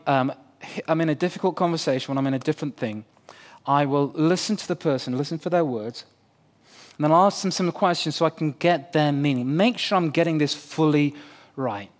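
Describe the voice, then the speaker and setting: Earnest man preaching a sermon. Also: on the high side. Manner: earnest and conversational, with playful asides. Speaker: pastor.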